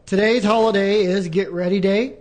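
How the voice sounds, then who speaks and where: A man with a notably high speaking voice chats casually on a radio talk show. He quizzes his co-hosts on trivia and tells rambling stories that trail off. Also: fairly even intonation, normal speed, a little mellow. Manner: chatty storyteller, trails off with "so".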